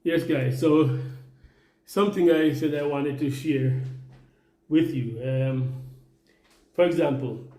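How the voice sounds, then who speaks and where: A Jamaican man vlogs casually while cooking in his home kitchen, speaking slowly in a fairly high, dark-toned voice with long pauses. He rambles, sounds exasperated and repeats himself. The room is echoey.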